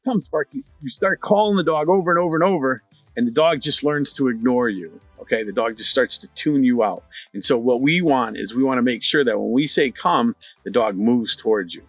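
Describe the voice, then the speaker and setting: Middle-aged man, dog trainer, energetic coaching talk, dry close sound, faint music behind. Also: mid-range voice, dry recording. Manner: energetic, repeats key points, conversational fillers. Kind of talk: instructional talk to camera.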